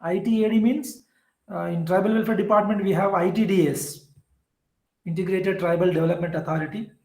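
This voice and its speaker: A man's voice: sits high, steady tone, a little fast, mellow, roomy sound, low-quality recording. A man teaching an exam-prep literature lecture, explaining patiently and repetitively with frequent "uh" fillers. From southern India.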